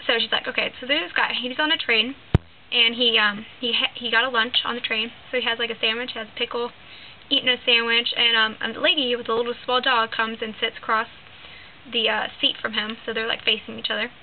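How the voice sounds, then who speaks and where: A teenage vlogger girl, talking a little fast in a high-ish voice with fairly even intonation, tells a long, rambling joke to camera. "Like" and "um" crop up constantly, and the audio sounds lo-fi and phone-like with faint hiss.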